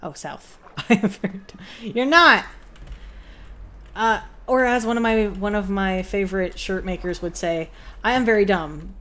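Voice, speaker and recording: A woman's voice: medium pitch, takes it slowly, a bit bright. A young woman streaming a game, chatting casually in a playful, giggly, rambling way and poking fun at herself.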